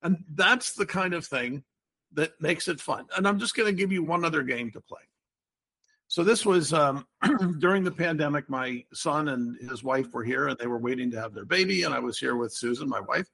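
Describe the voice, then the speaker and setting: A man's voice: fairly high pitch, creaky, pushed and bright. An older man hosting a casual podcast chat, explaining word games in a playful, wordy way. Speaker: podcast host.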